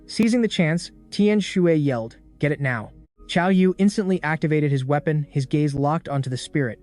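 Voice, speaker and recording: A man narrating a story recap in a brisk, dramatic scripted style. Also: a little high, a little mellow. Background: faint background music.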